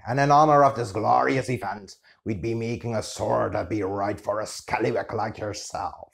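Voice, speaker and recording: A man's voice: fairly low pitch, creaky. A man voicing a jolly, swaggering pirate who talks in hammy pirate slang.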